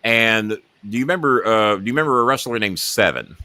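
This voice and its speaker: A man's voice: lowish voice, expressive, fairly quick, bright, forceful tone. A middle-aged man hosting a talk show, telling a long story and acting out the quotes in it.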